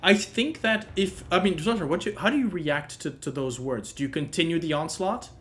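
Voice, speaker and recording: A man narrating a tabletop game as game master, pausing often with ums and restarts. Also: a little high, a bit bright. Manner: halting, full of ums and restarts.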